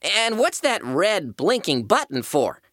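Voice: mid-range voice, sing-song, slow pace, a bit bright, no room sound, studio quality, exaggerated voice. Bob the Tomato, voiced as a sensible cartoon tomato. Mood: patient. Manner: level-headed, patient, mildly exasperated. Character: sensible male tomato, patient and slightly fussy. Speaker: co-host. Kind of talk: cartoon podcast voice acting.

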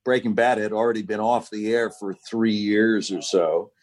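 A man co-hosting a podcast, telling a story in relaxed casual chat with fillers. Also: fairly low pitch, moderate pace. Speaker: podcast co-host.

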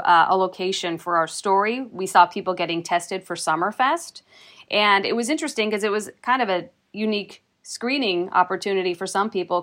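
A woman's voice: mid-range voice, a bit bright. A woman reporter casually explaining consumer news in a chatty, self-joking way.

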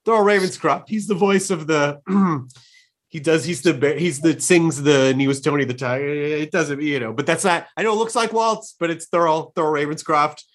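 This man hosts a relaxed interview chat, voice sitting slightly on the high side. He talks eagerly, rambling and restarting sentences as his thoughts run ahead. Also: normal speed. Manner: enthusiastic, rambling, frequent restarts. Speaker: podcast host.

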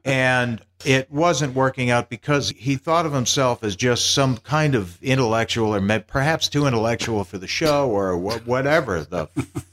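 Appearing as a podcast guest, a man tells meandering, self-deprecating anecdotes in casual conversation. His voice is medium-pitched and fairly bright, at a moderate pace.

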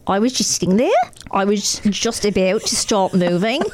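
A woman reading a laid-back male Australian surfer's quotes in a put-on Australian accent, relaxed and drawling. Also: medium pitch, normal speed, background noise, natural voice.

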